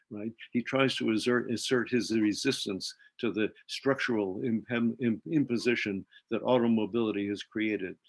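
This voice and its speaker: Guy scholar on a zoom panel, explains carefully, low creaky voice. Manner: measured, explanatory, with many "uh"s. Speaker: webinar panelist, film scholar. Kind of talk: academic panel discussion. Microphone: video call.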